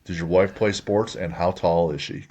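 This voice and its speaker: A low-voiced man hosts a casual podcast interview, easygoing, tossing in remarks and questions. His recording sounds a bit muffled and dull. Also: moderate pace. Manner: relaxed, asks questions and chimes in. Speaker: podcast host.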